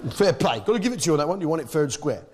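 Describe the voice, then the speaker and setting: Pompous British comic, high lively voice. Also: male voice, rapid-fire. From Britain. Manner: pompous, boastful, swearing. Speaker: stand-up comedian. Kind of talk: stand-up comedy as a pompous publican. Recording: live stage show with loud audience.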